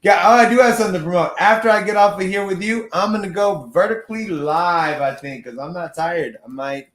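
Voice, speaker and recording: Man, casual stream chat, crude jokes, slightly high voice, roomy echo. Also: brisk, fairly bright tone. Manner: loose and crude, joking, trails off. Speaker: guest.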